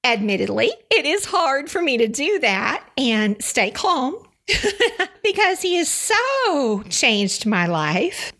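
A woman's voice: sits high, very animated, takes it slowly, few pauses, fairly bright tone. A Texan woman hosting a Christian devotional podcast, emotional and effusive, sniffling through tears as she talks into her microphone. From Texas. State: teary, sniffling. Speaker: podcast host. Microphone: studio microphone, seated.

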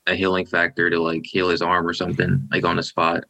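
A man's voice: sits low, completely flat delivery, fairly quick, gravelly, bright, forceful tone, poor audio. A man appearing as a guest on a casual podcast, speaking hesitantly with many stammered restarts.

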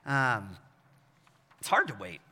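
Pastor, man in his forties, bright forceful voice, self-deprecating storyteller, long hall reverb. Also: medium pitch, huge pitch swings, slow pace, husky. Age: 40s. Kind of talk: sermon. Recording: long echo of a large hall.

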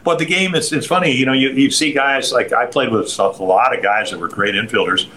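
An older man, a former pitcher and broadcaster, telling long anecdotes with restarts and quoted voices in an interview. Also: brisk, bright, forceful tone, a little hiss or hum, poor audio. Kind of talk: storytelling interview.

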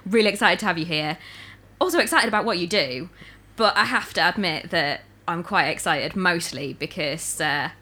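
A woman's voice: lowish voice, lively intonation, bright, forceful tone, slightly rough. A woman hosting a podcast in a kitchen, chatting casually and jokingly and often laughing. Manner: playful, jokey, quick to laugh. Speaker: podcast host. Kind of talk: casual chat. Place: home kitchen.

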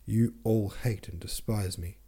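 A man's voice: on the low side, steady tone, a little slow, dark tone, husky. A man voicing a distraught, bitter young woman in an audiobook reading. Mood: despairing.

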